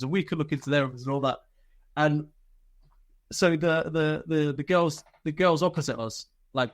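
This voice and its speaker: A man, an army veteran and podcast guest, telling casual stories with plenty of swearing and laughter. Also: medium pitch. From United Kingdom. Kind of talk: casual storytelling.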